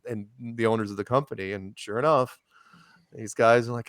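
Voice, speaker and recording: A man's voice: mid-range voice, quick pace, a bit bright, no room sound, studio quality. A man as a podcast guest, telling stories casually, with many restarts and asides, acting out quoted people in raised voices. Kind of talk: casual conversational storytelling.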